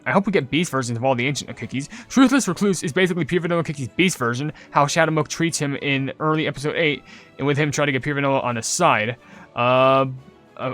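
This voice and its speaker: A young man casually commenting on his gameplay and reading viewer comments, chatty and rambling, getting loudly excited over loot. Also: on the high side. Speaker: gaming channel host.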